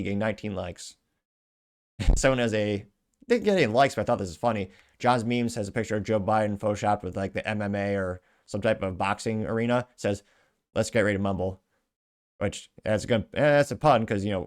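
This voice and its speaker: A man's voice: lowish voice, brisk. Sarcastic male commentary host. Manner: sarcastic, reads out comments aloud. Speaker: show host. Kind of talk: casual political commentary.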